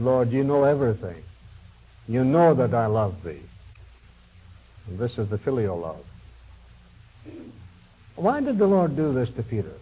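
Folksy older-style preacher man, lo-fi. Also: fairly high pitch. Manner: folksy storytelling, quotes figures in small voice shifts. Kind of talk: sermon retelling a Bible story. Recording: dull lo-fi recording.

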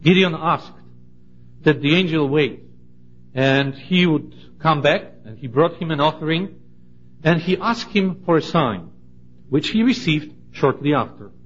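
A man giving a Bible study, reading scripture aloud in a measured, deliberate way and stressing key words. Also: on the high side, expressive, slightly rough. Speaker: Bible teacher. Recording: dull lo-fi recording.

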